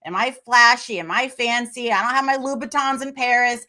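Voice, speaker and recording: A woman with a fairly high, bright voice talks in a relaxed conversation. She is animated and acts out the voices she quotes. Her tone has a crisp, forward edge. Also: normal speed. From Memphis, United States. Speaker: podcast guest. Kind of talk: casual conversation.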